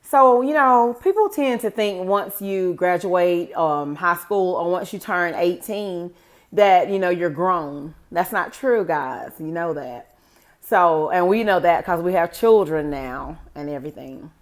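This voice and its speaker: Unhurried and lowish in pitch, a woman in her forties vlogs a personal story straight to camera. Her telling is chatty and wandering, peppered with "guys" for her viewers.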